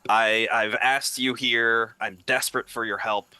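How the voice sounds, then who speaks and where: Man doing desperate king, stammering, pleading, bright tone. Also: mid-range voice, little pitch movement, unhurried, clear, resonant tone, no echo. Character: desperate middle-aged human king.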